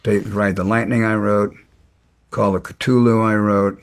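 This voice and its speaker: A middle-aged man recounting his past in an interview, halting with frequent restarts. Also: fairly low pitch, flat delivery. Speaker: guest. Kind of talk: storytelling interview.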